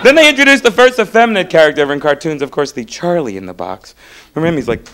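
A young man doing a stand-up comedy set on stage, animated and mocking, slipping into character voices. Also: fairly high pitch, rapid-fire. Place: comedy club stage before a live audience. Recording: live club recording with audience laughter.

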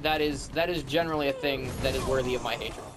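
A man's voice: mid-range voice, fast, background noise. A man giving casual commentary while playing a game, grumbling and trash-talking the enemies with sarcasm. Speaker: gamer.

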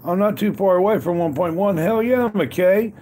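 His voice sits high with a darkish tone, and he talks at a moderate pace. He's hosting a casual outdoor livestream by a grill on a cold day, repeatedly greeting viewers in chat by name with upbeat catchphrases.

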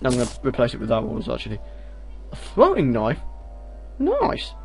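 Excitable gamer man with lively yelps. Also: mid-range voice, quick pace, gravelly. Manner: excitable, bursts into loud exclamations and yelps; talks back to enemies on screen. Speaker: video game let's player. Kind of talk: casual gameplay commentary. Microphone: headset. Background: game music.

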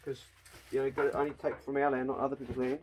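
A middle-aged man with a New Zealand accent talking in a casual family vlog on his rural land, blunt and easygoing, calling loudly to his dogs. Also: mid-range voice, level tone, racing, a little hiss or hum. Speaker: vlogger. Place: outdoors on a rural property.

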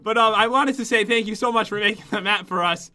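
A man co-hosting a video game session, chatting casually, often giggling and apologizing, easily excited. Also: sits high, quick pace. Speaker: co-host playing a video game. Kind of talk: casual gaming commentary.

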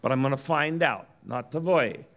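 A man voicing a calm older Jewish husband with a Yiddish accent, soothing and deadpan while telling a joke. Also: medium pitch, normal speed. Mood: reassuring.

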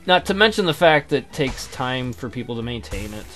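A man's voice: mid-range voice, very animated, brisk, a bit bright, soft background music. A man giving casual, joking and crude commentary while playing a game. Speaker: let's play host.

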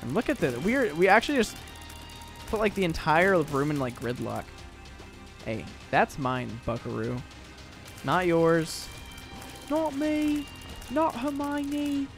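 A man's voice: on the high side, fairly bright tone. Chatty young man narrating a game. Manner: rambling, chatty, lots of fillers and restarts. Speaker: gaming YouTuber. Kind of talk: casual gameplay commentary.

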